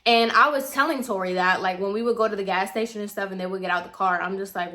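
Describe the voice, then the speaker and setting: A woman's voice: mid-range voice, fast, few pauses, bright, forceful tone. A young adult woman vlogger retelling a personal story in casual, chatty storytime style, with many fillers.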